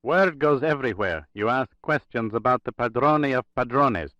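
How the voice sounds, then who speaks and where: A man voicing an armed, Italian-speaking woman who gives clipped, formal commands in halting English in an audiobook. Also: mid-range voice, expressive, fairly bright tone, no echo, voice pushed up, close to an everyday voice. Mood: stern. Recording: dry, slightly dull recording.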